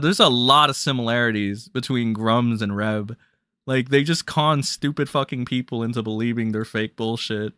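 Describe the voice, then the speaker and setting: On a livestream, a young man who comments on drama rants bluntly and crudely, his voice suddenly jumping loud. His pitch is medium and his pace normal, recorded in clean studio quality with no echo.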